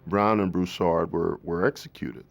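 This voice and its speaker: A man, an FBI special agent, recounting a case in an interview, deliberate and halting with fillers. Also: sits low, fairly even intonation, vocal fry, no echo.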